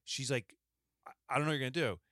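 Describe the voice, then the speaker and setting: Rapid-fire and medium-pitched, a podcast co-host recounts a long story in casual talk, acting out each person's lines with animation. Clean studio sound, no room ambience.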